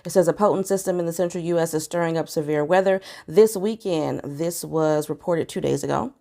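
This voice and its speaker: Low, gravelly-voiced woman vlogger. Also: fairly quick, dark tone. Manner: chatty, conversational, addresses viewers directly. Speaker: vlogger giving news updates. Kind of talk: casual vlog chat, reading articles aloud. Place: home in California.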